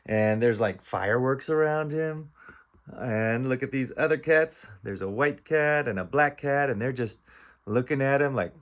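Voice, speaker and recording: A man reads a picture book aloud as a reading teacher, going slowly and carefully. He sounds out each letter, then blends them into simple words. His pitch sits in the middle for a man. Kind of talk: slow phonics read-aloud lesson.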